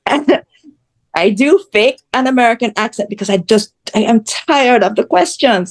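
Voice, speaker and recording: A woman's voice: on the high side, expressive, measured pace. A woman from Jamaica, a guest telling her story in a blunt, candid way. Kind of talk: casual interview chat.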